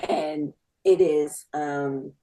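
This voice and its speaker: A woman's voice: sits low, drawn-out words, low-quality recording. Fifty-something woman telling a wild story on a podcast, laughing, doing all the voices. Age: 50s. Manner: animated, laughing storyteller acting out dialogue. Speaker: podcast guest. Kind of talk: casual storytelling.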